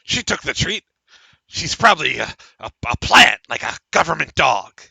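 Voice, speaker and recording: A wild-eyed little halfling braggart, put on by a man, raising his voice high and loud as he boasts and stammers. The tone is gravelly and raspy, bright and sharp, and it swoops all over. The sound is dry and close. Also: sing-song, normal speed, no echo, full character voice. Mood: paranoid. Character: boastful, paranoid, excitable male halfling.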